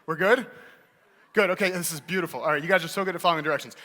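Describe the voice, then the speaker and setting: Keynote speaker, male, playful and energetic, bright tone, echoing large hall. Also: fairly high pitch, racing. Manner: joking, teasing and energetic. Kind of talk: playful stage talk to a live audience. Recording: hall reverb.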